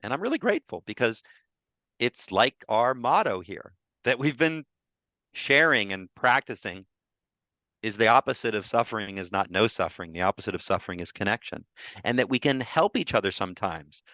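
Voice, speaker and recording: A man's voice: medium pitch, big pitch swings, moderate pace, sharp tone, dry recording, lo-fi sound. A man, a grief therapist, sharing openly and emotionally on a video call, often restarting his sentences. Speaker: co-host of a mindfulness support group.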